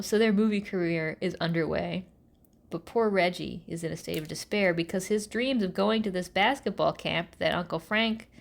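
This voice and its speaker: A woman hosts a podcast, recapping episodes with sarcastic, animated storytelling and dropping into mock voices for the characters. Her voice is mid-range and gravelly.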